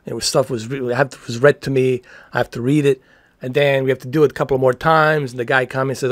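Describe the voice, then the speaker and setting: A man's voice: medium pitch, level tone, fast, dry recording, studio quality. A man in his forties hosting a livestream, talking about TVs in a loose, rambling, friendly way with plenty of slang. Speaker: livestream host answering TV questions. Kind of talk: casual livestream chat.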